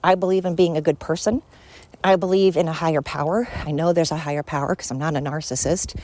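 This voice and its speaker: A woman's voice: sits low, steady tone, fast talker, mellow. A woman hosting a podcast alone, talking in a blunt, opinionated and rambling way. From Sweden. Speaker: podcast host. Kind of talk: casual solo monologue.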